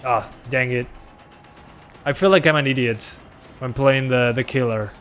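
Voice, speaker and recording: A man whose first language is Spanish streams a game in English, voice sitting at an ordinary middle pitch. He rambles loosely, pokes fun at himself and answers chat messages as they come in. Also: measured pace, music in the background. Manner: relaxed, rambling, self-deprecating, talks to chat. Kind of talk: casual gameplay chat.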